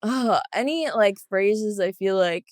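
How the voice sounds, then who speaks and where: Giggly young woman with a smooth voice. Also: mid-range voice, slow, darkish tone, dry recording, studio quality. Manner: giggly, chatty, many fillers. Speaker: guest athlete. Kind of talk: casual interview chat.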